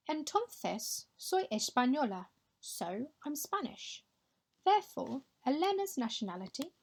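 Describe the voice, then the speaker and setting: A young woman teaching a recorded Spanish lesson over slides, speaking clearly and patiently and modelling pronunciation slowly for her pupils to repeat. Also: fairly high pitch, a little mellow. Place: home or classroom, voice-over on slides.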